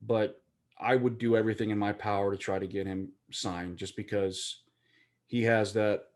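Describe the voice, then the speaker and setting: Man, casual sports talk, jokey, rambling, excitable. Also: lowish voice, normal speed. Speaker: podcast co-host.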